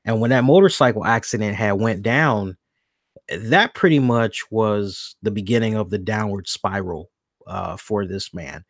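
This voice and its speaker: A lone wrestling podcast host talks casually and rambles, thinking out loud and correcting himself along the way. His voice is lowish and a little slow, captured as a dry, clean studio recording.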